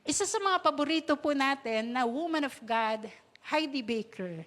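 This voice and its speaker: A woman's voice: high-pitched, lively intonation, normal speed, fairly bright tone. A woman pastor with a Filipino accent preaching a sermon, moving between Tagalog and English, laughing often and drawing out quoted lines.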